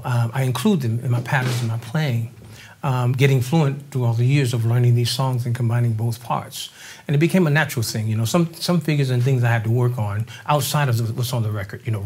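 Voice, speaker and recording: An older man from New Orleans, a drummer and interview guest, telling stories in a relaxed, animated way, acting out the voices of people he quotes. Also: mid-range voice, slight background noise. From New Orleans, Louisiana. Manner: animated storyteller, acts out quoted voices, laughs often. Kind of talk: casual interview storytelling.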